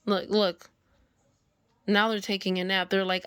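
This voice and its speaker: A woman's voice: medium pitch, flat delivery, measured pace, pauses often, a bit bright, clear, resonant tone, no echo, clean studio sound. A woman reading a picture book aloud, stopping often to comment on it and scold the characters. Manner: talks back to the story, scolding the animals. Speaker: storybook reader.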